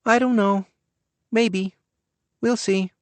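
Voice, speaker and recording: A man voicing a precocious little girl in an audiobook, rattling off answers in a flat, unbothered way. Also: high-pitched, slow, dry recording, voice pushed up. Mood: deadpan. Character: precocious little girl, deadpan know-it-all.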